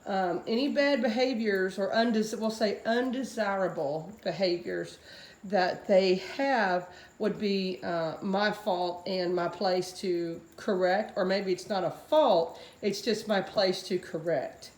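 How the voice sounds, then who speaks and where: Chatty woman in an echoey room. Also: takes it slowly. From US Gulf Coast. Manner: chatty, switches to high baby talk for the puppies. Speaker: dog breeder. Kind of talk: casual vlog, talking to puppies. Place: home room with puppies.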